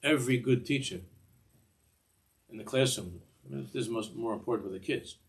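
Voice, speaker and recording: A man's voice: medium pitch, a little fast, gravelly. An older man teaching a Torah class in a discursive way, often repeating words and mixing in Hebrew phrases.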